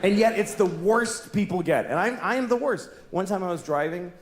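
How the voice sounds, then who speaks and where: A stand-up comedian ranting with exasperation, his voice high and swinging all over. He works from a stage in an echoey venue, with audience noise loud behind him. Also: expressive, normal speed. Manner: exasperated, building to shouted rants. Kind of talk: stand-up routine.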